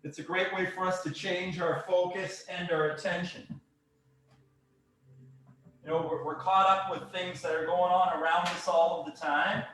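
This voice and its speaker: A man coaching a breathwork and exercise session, giving calm, encouraging step-by-step cues. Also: high voice, normal speed, slight background noise. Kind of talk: guided workout instruction. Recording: very echoey room, mic far off.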